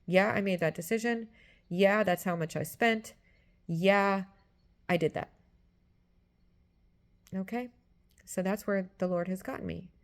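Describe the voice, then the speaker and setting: Gen x woman preaching, emphatic, jumps way up when she quotes people. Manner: emphatic, acts out voices with big pitch jumps. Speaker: Christian teacher. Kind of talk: teaching sermon.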